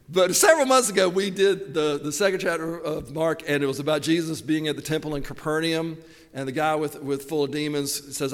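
Animated preacher in a reverberant hall. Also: male voice, on the high side. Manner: conversational, animated storytelling with asides and laughs. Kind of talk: sermon.

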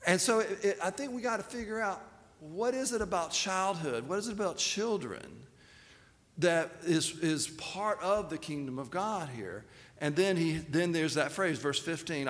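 A man's voice: high-pitched, animated, moderate pace, a bit bright, big-room sound. A man preaching a sermon in a loose, conversational way, with fillers and restarts. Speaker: pastor.

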